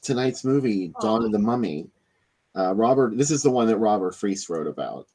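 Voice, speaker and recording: Male co-host, very low pitch, relaxed and a bit halting, casual chat. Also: husky. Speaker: podcast co-host and magazine editor. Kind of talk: casual chat about horror movies.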